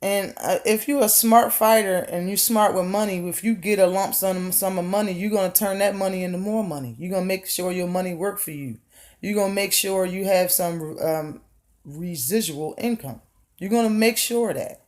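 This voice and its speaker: A woman's voice: mid-range voice, moderate pace, darkish tone. A woman vlogger ranting her opinion bluntly, swearing freely and firing off rhetorical questions, often repeating words for emphasis. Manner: blunt, profane, heated rant. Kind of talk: opinion rant vlog.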